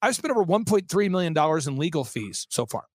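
A man, a guest on an interview show, telling an animated story and acting out the voices of people he quotes, with many restarts. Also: on the high side, fast talker, no room sound, studio quality. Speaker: interview guest, event organizer. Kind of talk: fast storytelling anecdote.

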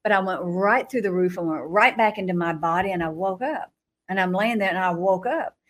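A woman guest telling her personal testimony in an interview. She talks dramatically, acts out her own past thoughts with sudden jumps in pitch, and laughs between phrases. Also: fairly quick. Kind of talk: animated testimony storytelling in an interview.

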